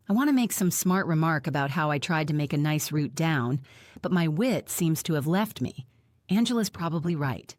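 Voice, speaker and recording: Low-voiced woman narrating an audiobook. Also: expressive, normal speed, a little mellow, dry recording, clean studio sound. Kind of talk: first-person scripted narration.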